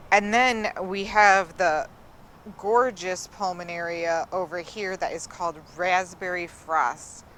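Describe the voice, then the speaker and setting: Bright-voiced woman touring a garden. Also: lowish voice, slight background noise. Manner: enthusiastic, admiring, chatty. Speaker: gardening vlogger. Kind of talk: casual garden tour narration. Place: outdoor trial garden.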